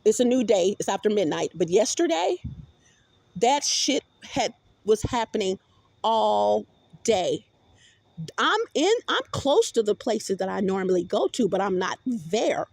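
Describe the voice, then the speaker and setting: A woman's voice: mid-range voice, animated, measured pace, creaky, a little mellow, dry recording. A woman vlogger in a rambling, profane monologue with many restarts, recorded on a phone.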